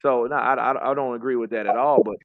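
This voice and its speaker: A man's voice: mid-range voice, fairly even intonation, fast, dry recording, narrow, tinny audio. A man co-hosting a podcast in casual chat, rambling and profane, often trailing off mid-thought. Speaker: podcast co-host.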